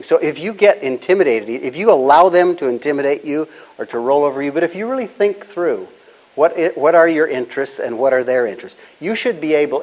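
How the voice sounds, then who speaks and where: An older man speaks in a calm, measured voice, walking through his points with anecdotes from a long career. He sounds like a guest being interviewed. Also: mid-range voice, low-quality recording. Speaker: guest, business founder. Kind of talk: storytelling interview answers.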